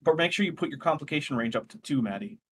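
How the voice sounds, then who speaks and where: A man running a tabletop role-playing game, narrating scenes and rules in a relaxed, rambling way, often correcting himself. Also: on the high side, fast, slight background noise. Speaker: game master.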